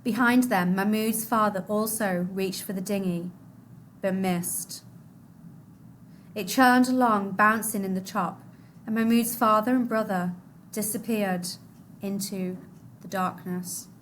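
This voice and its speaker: A woman reading a novel aloud to a class, expressive, her voice dropping low and soft at the sad moments. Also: slow pace, a little hiss or hum.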